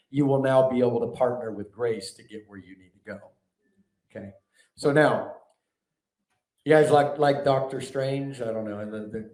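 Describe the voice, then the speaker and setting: A man preaching a sermon to a live audience, animated and conversational, often asking the room questions. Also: mid-range voice. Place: large hall before a live audience. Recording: echoey hall, mic at a distance.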